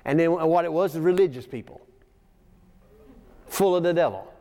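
Man preaching, fairly high voice, folksy, chuckling asides, long church reverb. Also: expressive, normal speed, mellow. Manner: folksy, chuckling asides, reads scripture aloud. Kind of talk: sermon. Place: church sanctuary.

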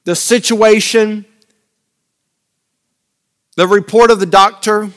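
High-voiced man preaching with dramatic swings. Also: steady tone, slow pace. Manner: dramatic swings between loud urgent lines and quiet intimate asides; repeats phrases for emphasis. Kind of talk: sermon.

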